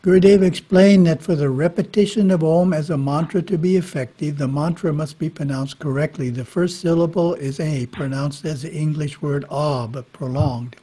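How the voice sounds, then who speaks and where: A man giving a spiritual talk, reading scripture in a measured way with brief casual asides. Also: on the high side, warm tone, breathy edge. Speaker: monastery teacher. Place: monastery. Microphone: webinar microphone.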